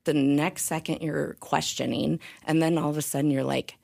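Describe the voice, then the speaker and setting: A middle-aged woman speaking as a guest in a candid conversational interview, earnest and reflective, with halting restarts. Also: low-pitched, little pitch movement, darkish tone. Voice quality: gravelly, husky. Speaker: podcast guest, author.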